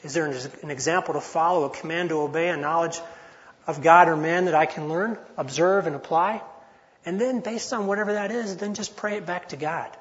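A man's voice: fairly high pitch, brisk, fairly bright tone, in a large hall, muffled recording. A man in his forties teaching a Bible study in an earnest, conversational way, often restarting his phrases. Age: 40s. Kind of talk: informal teaching talk.

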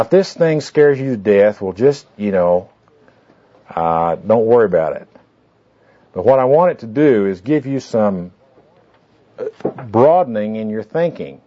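A man leading a small group through a goal-setting handout, talking in a folksy, rambling way with fillers and asides. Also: lowish voice. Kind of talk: informal classroom talk with anecdotes. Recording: dull lo-fi tape recording.

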